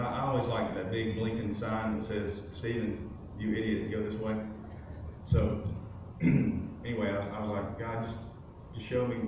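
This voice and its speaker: Speaking from the church sanctuary as a guest, a man gives his testimony, relating a personal story in a relaxed, filler-heavy way. His voice is fairly low. The recording picks him up from a distance in a very echoey room, and there is background noise.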